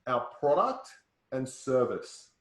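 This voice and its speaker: A man's voice: medium pitch, big pitch swings, slow. A man coaching a sales workshop in a punchy way, often checking that listeners follow. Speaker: sales trainer. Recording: roomy echo.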